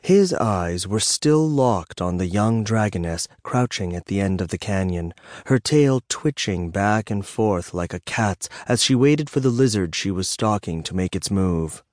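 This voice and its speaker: A male audiobook narrator telling a fantasy tale in a measured, unhurried way. His voice sits low, and the studio sound is close and dry. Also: no room sound. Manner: measured, even storytelling.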